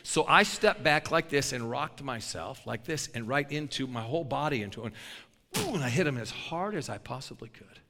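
An older man preaching a sermon, a lively storyteller who laughs between his lines. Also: medium pitch, brisk, gravelly, big-room sound.

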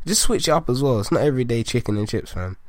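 A man's voice: mid-range voice, expressive, fast, no room sound, clean studio sound. A man in casual podcast chat, slangy and rambling. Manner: slangy, rambling, laughs easily.

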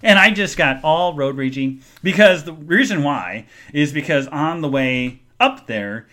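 A man hosting a podcast, telling a story in a casual chat and acting out the people in it with sudden jumps in pitch and loudness. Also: unhurried. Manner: animated, acts out quoted people with big jumps in pitch and loudness. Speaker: podcast host.

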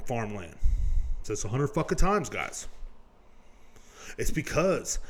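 A man hosting his own podcast alone, in a profane, rambling rant that swings between loud outbursts and low mutters. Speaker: podcast host.

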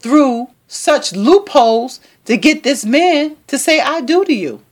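A woman voicing a caring brother who gently warns his sister, speaking in a lowered voice. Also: expressive, slow pace, heavily acted. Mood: sorry.

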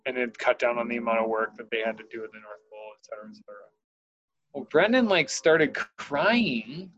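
A father speaking candidly about his young son in an earnest, halting way, often pausing to find his words. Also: mid-range voice, a bit bright, dull audio. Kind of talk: candid personal conversation.

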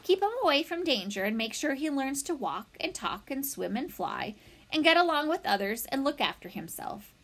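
A blunt old goose speaks in a brisk, scolding squawk that is animated and bright. A woman reads her in a storybook. She is no-nonsense and sure of herself, a practical elder of the pond. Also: high-pitched, pitched above the performer's own voice, exaggerated voice.

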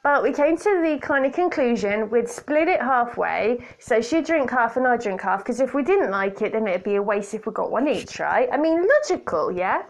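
A woman's voice: on the high side, animated, normal speed, hardly any pauses. A woman hosting a solo podcast in a chatty, playful, self-mocking way, recorded on a hands-free kit mic. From Britain. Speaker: podcast host. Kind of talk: casual solo podcast chat. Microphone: borrowed hands-free kit headset.

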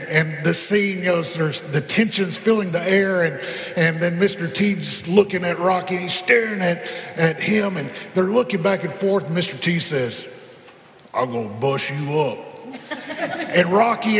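A man with a high voice preaches slowly and unhurriedly, telling stories in a chatty way and quizzing the congregation. His words ring out with a long reverb, and faint music sits behind him. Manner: conversational storytelling, quizzes the congregation. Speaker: pastor. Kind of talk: sermon.

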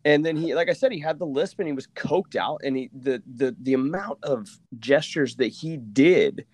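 A man from Oklahoma hosting a casual podcast chat, telling stories with lively asides and mimicking the people he quotes. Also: medium pitch, moderate pace, no room sound. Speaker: podcast host.

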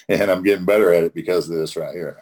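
A middle-aged man from Oklahoma talks through a recovery study in a casual, teaching tone. His voice sits low and has a husky, grainy edge. He is folksy and emphatic and often repeats a phrase to press the point. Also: fairly even intonation, a little fast, darkish tone. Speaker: host leading a recovery study.

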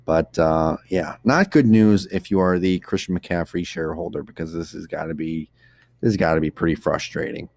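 A man's voice: low-pitched, normal speed, creaky, a little mellow, no room sound, studio quality. A man co-hosting a casual podcast, giggling often and reading updates with lots of fillers. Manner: giggly, reads injury updates with frequent fillers. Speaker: podcast co-host.

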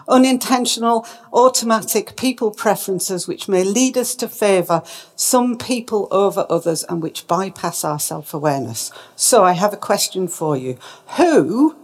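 A woman giving a presentation talk, emphatic and lively, putting questions to her audience. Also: medium pitch. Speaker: speaker.

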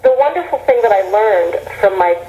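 Middle-aged woman, earnest herbalist guest, rambling speech, mellow tone, roomy echo. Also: medium pitch, expressive, brisk, muffled recording. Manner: earnest, rambling with frequent restarts. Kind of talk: reflective interview talk.

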